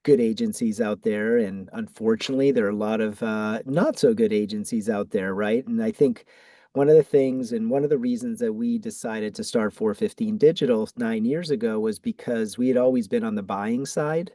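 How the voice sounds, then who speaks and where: A middle-aged man from Massachusetts with a Boston accent, answering interview questions in a measured way with frequent ums and restarts. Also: on the low side, dark tone, dry recording. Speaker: guest, ad agency founder.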